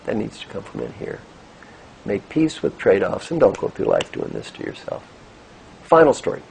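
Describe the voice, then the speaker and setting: Gravelly, animated older male speaker. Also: on the low side, moderate pace, a little hiss or hum, low-quality recording. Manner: animated storytelling, gentle coaching. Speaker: executive coach. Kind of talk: motivational talk with guided exercise.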